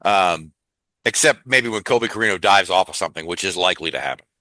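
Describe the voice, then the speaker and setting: A man's voice: low-pitched, fast, sharp tone, no echo. A man with a Southern US accent hosting a wrestling podcast, rattling off show news in an upbeat, chatty way and laughing often. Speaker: podcast host. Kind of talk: casual wrestling news chat.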